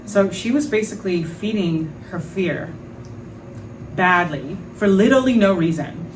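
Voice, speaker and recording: A woman hosting a podcast, telling a story in a frank, animated way, with lots of fillers and some swearing. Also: lowish voice, unhurried, recorded from a distance, a little hiss or hum, rough recording. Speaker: podcast host. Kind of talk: casual storytelling monologue.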